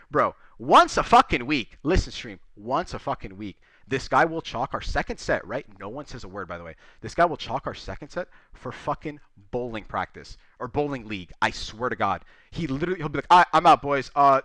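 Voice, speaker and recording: A man ranting on a livestream, telling a story in a loud, profane, exasperated way. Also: fairly high pitch, dry recording. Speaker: streamer and pro esports player. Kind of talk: casual stream rant.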